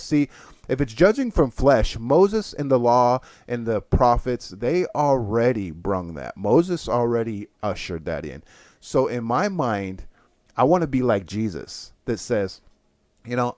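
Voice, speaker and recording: A man's voice: medium pitch, a little mellow, no room sound. A man giving a conversational Christian teaching, speaking earnestly to his listeners as "guys" and often restarting his phrases.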